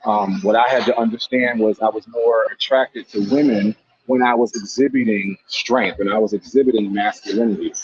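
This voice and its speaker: A man with a low, husky voice talks through his point in earnest, circling back and repeating words. The audio is dull and lo-fi, with a dry, close sound and no room echo. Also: fairly even intonation, normal speed. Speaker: guest speaker on a live stream panel. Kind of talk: casual discussion.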